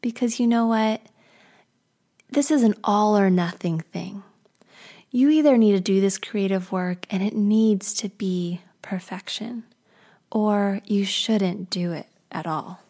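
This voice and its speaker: Crisp prim perfectionism lady done by a woman, whispered role-play, low-key mellow tone. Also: slow pace. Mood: assured.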